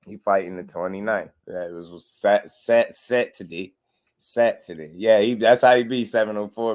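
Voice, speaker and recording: A young man hosting a casual boxing livestream, animated and slangy, laughing often and mimicking people. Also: fairly low pitch, unhurried. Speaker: boxing commentary host.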